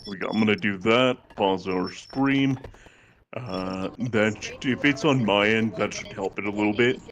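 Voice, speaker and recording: A man co-hosting a livestream, talking casually and haltingly with many fillers. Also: lowish voice, a bit bright, muffled recording, slight background noise. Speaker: stream co-host and student.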